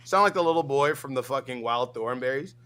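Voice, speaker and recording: A man's voice: medium pitch, expressive, brisk, fairly bright tone. A young man co-hosting a casual livestream, bantering in loose slang. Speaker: stream co-host.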